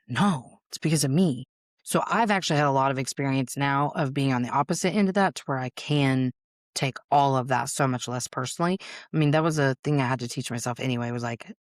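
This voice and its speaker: A woman's voice: deep voice, no room sound, studio quality. A woman hosting a solo podcast, talking candidly and casually, with the odd swear word. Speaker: podcast host.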